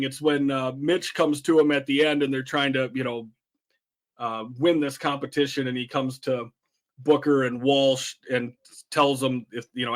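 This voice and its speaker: A man co-hosting a podcast, casually retelling favorite film lines with laughs and lots of fillers. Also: medium pitch. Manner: rambling, laughs while retelling quotes. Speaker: podcast co-host. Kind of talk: casual chat about a film.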